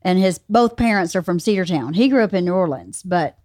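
A woman from Georgia, co-hosting a podcast, telling stories in a lively way with quoted voices. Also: on the low side, brisk, no room sound, studio quality. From Georgia, United States. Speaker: podcast co-host. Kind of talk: casual podcast chat.

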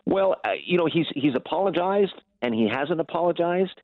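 A man working as a news correspondent, reporting live over the phone in a conversational, halting way with fillers and repeats. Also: fairly high pitch, lively intonation, no echo. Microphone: telephone. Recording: tinny phone line.

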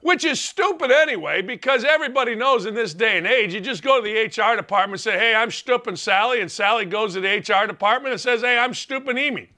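Fired-up high-voiced male radio host. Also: fast, few pauses, bright, forceful tone. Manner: fired-up, ranting with rhetorical questions. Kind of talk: opinionated talk radio monologue.

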